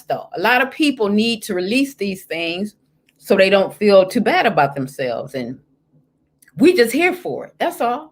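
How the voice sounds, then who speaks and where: In a mid-range voice, this host and life coach reads out listener confessions during a casual chat. She comes across sassy and lively, addressing the listener directly.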